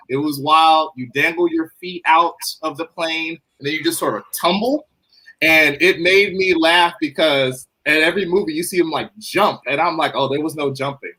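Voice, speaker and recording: Bright-voiced man telling a story. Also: on the high side, poor audio. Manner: joking, animated storyteller. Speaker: co-host. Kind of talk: casual storytelling.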